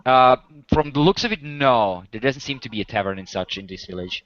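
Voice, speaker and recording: Brief: male game master, casual and halting, bright tone, dry dull recording. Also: medium pitch, lively intonation, no room sound. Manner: casual, filler-heavy narration. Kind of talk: narrating a tabletop game.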